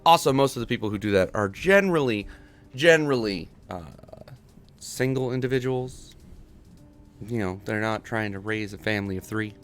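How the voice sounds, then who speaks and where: A man's voice: fairly low pitch, moderate pace, fairly bright tone, a little hiss or hum. A man chatting casually with viewers on a livestream from home. He is laid-back, chuckles often and calls people "man". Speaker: streamer. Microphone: desk microphone.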